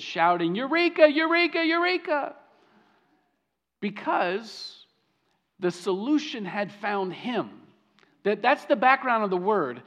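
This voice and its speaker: A pastor preaching a sermon with lively delivery, repeating words and swinging from loud emphasis to hushed lines. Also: male voice, high voice, lo-fi sound.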